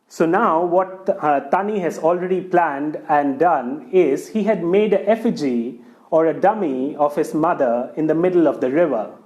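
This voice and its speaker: A man telling a folk tale aloud, speaking straight to his listeners. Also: a little high. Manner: lively, addresses the listener directly. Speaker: storyteller. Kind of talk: oral folk storytelling.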